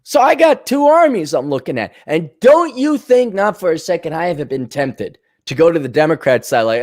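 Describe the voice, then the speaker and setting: A man's voice: on the high side, big pitch swings, moderate pace, hardly any pauses, a little mellow. A man hosting a podcast, delivering a blunt, sardonic, profane monologue rant. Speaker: podcast host.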